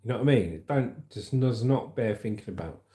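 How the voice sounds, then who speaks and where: Chatty livestream host, mellow tone, echoey room. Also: male voice, medium pitch, animated, fairly quick. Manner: chatty, rambling, calls viewers "mate". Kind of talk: casual livestream chat and news reading.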